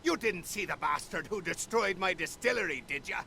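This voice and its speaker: A gravelly, hot-headed Irish crime boss for a video game, blustering and cursing about revenge. His voice sits high and swings wildly up and down. Loud game noise rumbles under him. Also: expressive, fairly quick, full character voice. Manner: blustering, profane, vengeful. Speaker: game character.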